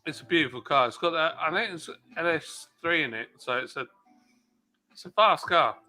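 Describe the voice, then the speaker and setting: A man's voice: on the high side, expressive, normal speed, sharp tone. A man co-hosting a casual livestream chat, talking in a laid-back way about a car a friend is selling. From United Kingdom.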